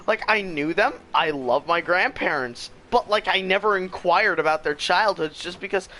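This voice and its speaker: A young adult with a bright, forceful voice, talking excitably while gaming with friends. The delivery is quick and animated, with a faint hiss from the desk mic. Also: mid-range voice. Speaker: let's play host. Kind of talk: casual chat while gaming.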